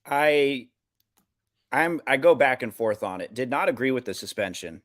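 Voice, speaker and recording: A man's voice: medium pitch, animated, normal speed, no echo, clean studio sound. A man co-hosting a casual sports podcast, telling stories with lots of fillers and laughter. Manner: laughs often, rambling storytelling with fillers. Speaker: podcast co-host.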